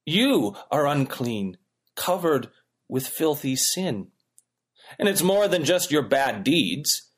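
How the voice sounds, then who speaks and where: A man delivers a sermon, his voice sitting a little high and swinging widely in pitch. He preaches with emphatic, rhythmic repetition, stacking phrase on phrase. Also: sing-song, slow, slightly rough. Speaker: pastor.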